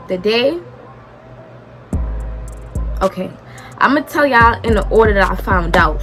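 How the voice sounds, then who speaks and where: A young woman speaks, retelling her story in an animated, dramatic way and playing out both sides of the dialogue. Her voice sits in a middle range. Music plays clearly underneath her the whole time. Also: mid-range voice. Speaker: vlogger. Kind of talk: storytime vlog.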